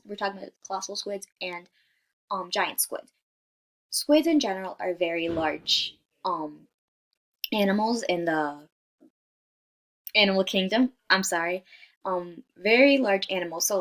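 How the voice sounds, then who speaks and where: Young woman talking over her slides, lots of um and like, keeps asking right?, trips on big science words. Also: on the low side. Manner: chatty, many fillers, asks "right?" often; apologizes for stumbling over hard scientific words. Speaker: student presenter. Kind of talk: casual class presentation over slides.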